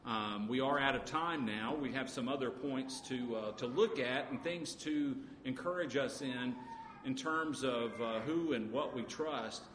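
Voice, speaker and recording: A man preaching a sermon, talking in a halting way with frequent pauses and restarts. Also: medium pitch, a bit bright. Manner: halting, many uh fillers and restarts. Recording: echoey hall with faint noise.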